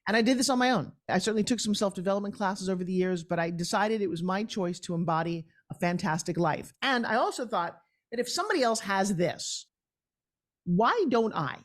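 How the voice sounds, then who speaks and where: A middle-aged woman, a guest on an interview show, talking in an energetic, emphatic and upbeat way. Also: mid-range voice, fairly quick. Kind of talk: conversational interview.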